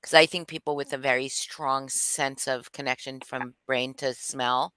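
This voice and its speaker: A woman's voice: a bass voice, steady tone, a little slow, a bit bright, smooth, dry recording. A woman hosting a livestream chat, talking frankly and bluntly. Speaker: livestream host. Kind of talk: casual chat. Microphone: streaming video call.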